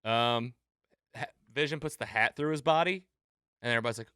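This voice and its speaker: Man, podcast co-host, smooth clear voice, dry close sound, animated and laughing. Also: medium pitch, a little fast, no room sound. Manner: animated, laughs often, acts out quoted lines. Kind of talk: casual podcast chat, recapping a TV episode.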